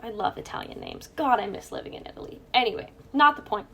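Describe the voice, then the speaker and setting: A woman's voice: a little high, quick pace, pushed and bright. Chatty woman with a faint hum behind. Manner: chatty, jokey, laughs at own asides. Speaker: podcast co-host. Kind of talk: casual true crime chat.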